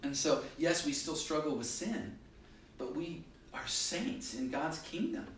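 A male pastor preaching a sermon, emphatic, rising and falling in pitch and volume to stress his points. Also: animated, unhurried, a bit bright, slight background noise. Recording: very echoey hall, mic from a distance.

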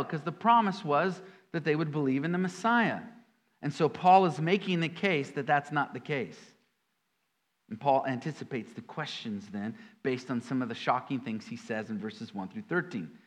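A male pastor delivering a sermon with a voice a bit higher than most men's. He works through scripture with sudden emphatic bursts, then drops into folksy, chatty asides.

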